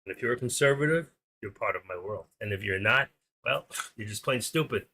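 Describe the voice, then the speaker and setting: Chatty older man with a bright voice. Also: fairly low pitch, animated, a little fast. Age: 60s. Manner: chatty, opinionated, jumps between stories and market numbers. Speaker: live stream host. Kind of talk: rambling live-stream chat.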